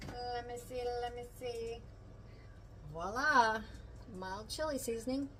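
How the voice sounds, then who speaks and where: An older woman talks to her viewers from her home kitchen while cooking. Her voice sits a little high, and she chats easily, tender and quick to get emotional. A faint household hum lingers behind her. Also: pushed and bright, low-quality recording. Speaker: vlogger. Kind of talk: casual vlog chat while cooking.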